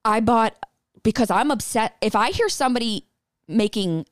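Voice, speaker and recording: A woman guest on a podcast, chatting casually in a living room, halting and stuttering a bit, blunt and a little profane. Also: fairly high pitch, animated, no echo, studio quality. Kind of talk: casual chat.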